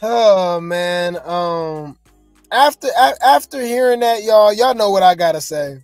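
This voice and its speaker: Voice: medium pitch, animated, a little slow, no echo, faint music behind. A host giving casual gossip commentary, blunt and dismissive, talking to viewers.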